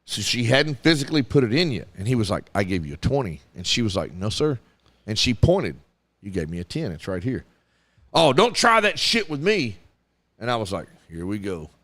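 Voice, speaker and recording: A man co-hosting a casual talk show, telling a story in a lively, profane way and acting out the quotes. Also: lowish voice, fairly quick, no echo. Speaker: radio show co-host.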